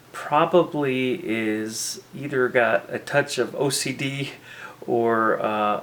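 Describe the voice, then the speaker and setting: A man hosting his own hobby channel, talking through a restoration project in a relaxed, hesitant way with many ums and uhs, recorded in a home workshop. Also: mid-range voice, low-quality recording. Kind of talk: casual how-to narration.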